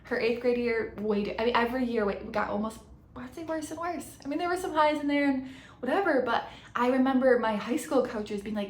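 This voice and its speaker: A woman's voice: on the high side, steady tone, a little fast, echoey room. A woman coach in her thirties telling a personal story on her podcast, earnest and reflective, often restarting and correcting herself mid-sentence.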